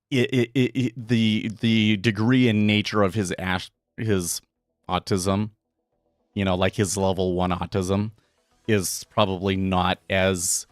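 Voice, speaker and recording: A man with a low voice chatting on his live trading stream, wandering from one thought to the next and often restarting mid-sentence. The sound is dry and close, with faint music playing behind him. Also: no echo. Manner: rambling, restarts, thinks aloud. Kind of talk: casual live-stream commentary.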